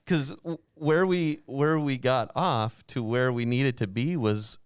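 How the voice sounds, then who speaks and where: Clear-voiced man telling a travel story. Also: medium pitch, slow pace, no echo, clean studio sound. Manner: animated, acts out quoted voices, laughs often. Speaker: podcast host. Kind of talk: casual storytelling.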